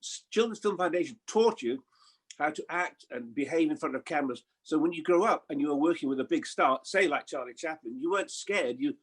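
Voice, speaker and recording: Husky older man telling lively stories. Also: a little high, fairly quick. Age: 70s. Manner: lively storyteller, chuckling, mimics voices. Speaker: guest. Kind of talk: anecdotal chat.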